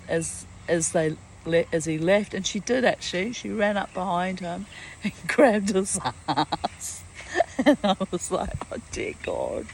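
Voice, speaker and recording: A woman's voice: mid-range voice, slight background noise, rough recording. A woman with a New Zealand accent, chatting casually outdoors among trees and acting out dialogue. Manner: chatty storyteller, acts out dialogue, laughs often. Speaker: vlogger. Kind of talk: casual spoken diary.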